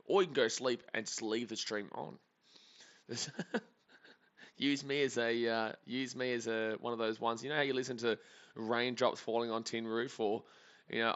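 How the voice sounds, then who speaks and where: Bright, chatty man streaming. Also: medium pitch, flat delivery, normal speed, highs cut off. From Australia. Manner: chatty, rambling, jokey. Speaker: sports streamer. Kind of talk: live game reaction commentary.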